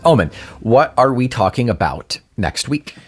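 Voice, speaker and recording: A man's voice: mid-range voice, sing-song, moderate pace, breathy edge, faint music behind. A man co-hosting a podcast, chatting casually and pushing back emphatically. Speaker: podcast co-host. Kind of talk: casual chat.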